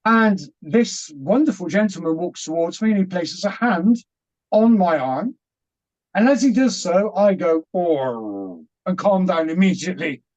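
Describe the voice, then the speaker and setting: Animated high-voiced British man. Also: moderate pace, dull audio. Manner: animated, acts out quotes, laughs often. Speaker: guest. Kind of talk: storytelling interview.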